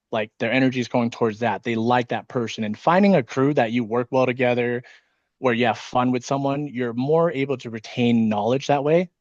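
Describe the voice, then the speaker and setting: A man who leads an insurance sales team talks casually on a video call, fast and nervous from caffeine, swearing often. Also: medium pitch, no room sound, lo-fi sound. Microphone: video call microphone.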